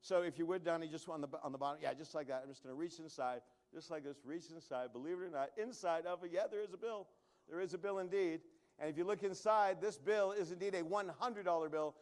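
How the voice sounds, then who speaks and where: High-voiced joking stage magician man. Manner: joking, quick asides to the crowd. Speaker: comedy magician. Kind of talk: live stand-up magic act. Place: comedy showroom stage.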